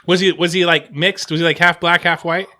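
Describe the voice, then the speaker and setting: A man in casual conversation as a podcast host, his voice sitting somewhat high with a bright, pressing tone. He rambles, doubles back on his words and keeps stories going with loose asides. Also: fairly even intonation, fairly quick. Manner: rambling, trailing off and restarting mid-sentence. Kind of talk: casual chat.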